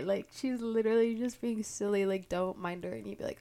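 A woman's voice: medium pitch, fairly even intonation, a little fast, creaky, hardly any pauses, mellow. A young woman hosting a podcast, telling a long story in casual chat, rambling with many fillers and acting out the voices of the people in it. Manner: rambling, filler-heavy, laughing storytelling with acted-out quotes. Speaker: podcast host.

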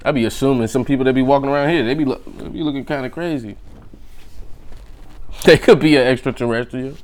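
A man talks through his own podcast alone, loose and casual. He rambles from one joke to the next and laughs at his own lines. His voice sits at an ordinary middle pitch. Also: racing. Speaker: podcast host. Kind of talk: casual solo podcast chat.

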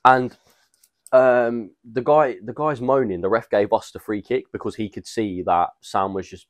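A young man co-hosting a casual podcast, telling long stories full of fillers and slang. His voice sits fairly low. The sound is dry and close to the mic. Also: steady tone, measured pace, dry recording. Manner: rambling storytelling with fillers and slang. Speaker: podcast co-host. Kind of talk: casual chat.

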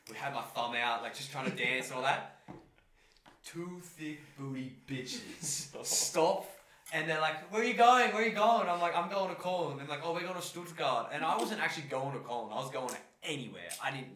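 A man's voice: medium pitch, normal speed, echoey room, recorded from a distance. A young man in casual podcast chat, telling stories with swearing and slang and acting out the voices of people he met. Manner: animated storytelling, swearing slang, acts out voices.

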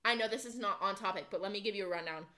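A woman's voice: mid-range voice, rapid-fire, sharp tone. A young woman in her twenties co-hosting a podcast, telling stories in casual chat, full of "like" and acted-out quotes. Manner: chatty storyteller, many "like" fillers, acts out quotes. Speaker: podcast co-host.

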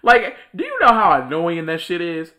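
A man's voice: high-pitched, huge pitch swings, normal speed, sharp tone. A young man in casual podcast chat, telling a work story with lots of laughter, cursing and slang.

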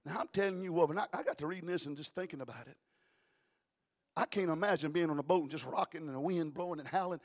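A male pastor preaching a sermon in a rhythmic cadence, adding "uh" after each phrase and swinging between shouting and hushed tones. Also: a little high, fast.

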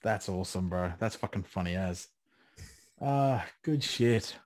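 A man's voice: sits low, measured pace, a little mellow. A man with an Australian accent, hosting a podcast in a casual, bantering way and swearing freely. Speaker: podcast host. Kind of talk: casual chat.

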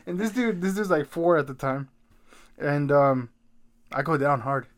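A man in his thirties talks in a loose, casual chat, swearing freely and getting animated as he tells stories. His voice sits a touch high for a man. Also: a little slow. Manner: profane, animated storytelling. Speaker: father of young kids.

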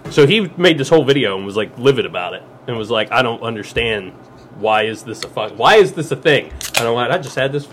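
A man's voice: mid-range voice, animated, brisk, slight background noise. Man telling a crude story on a podcast. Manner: storytelling, swearing, quoting others in voices. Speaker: podcast co-host. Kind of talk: casual crude podcast banter.

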